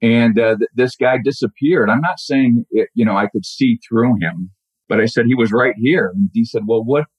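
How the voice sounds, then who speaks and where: Husky-voiced man recalling a story. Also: medium pitch, a little mellow, no room sound. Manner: halting, reflective, many restarts. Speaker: caller telling a true story. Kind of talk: personal storytelling. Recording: dull lo-fi audio.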